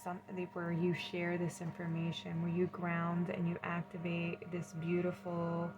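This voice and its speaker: A woman reading tarot cards in a gentle, soothing way, often moved and effusive. Her voice sits fairly low and stays even, with little rise and fall. A steady hiss of background noise runs under her speech. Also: a little slow. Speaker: tarot reader. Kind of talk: pick-a-card tarot reading.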